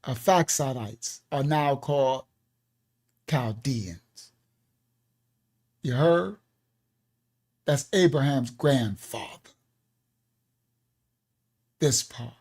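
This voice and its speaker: A man's voice: medium pitch, expressive, extremely slow, long pauses, darkish tone. A man leading an online Bible lesson as pastor, talking in a loose, repetitive way with laughing asides.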